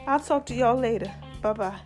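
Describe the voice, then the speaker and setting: A woman's voice: a little high, fairly quick, darkish tone, faint music behind. A woman hosting her own podcast in casual solo chat, laughing often and calling her listeners baby and y'all. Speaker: podcast host.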